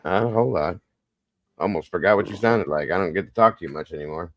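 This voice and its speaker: A man's voice: low voice, fast, fairly bright tone. A man calling into a stream, easygoing and polite in casual chat.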